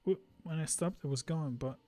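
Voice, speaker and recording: A man's voice: fairly high pitch, moderate pace, warm tone, natural voice. A man voicing a timid, frightened young girl from a game, speaking meekly and hesitantly. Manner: meek, hesitant.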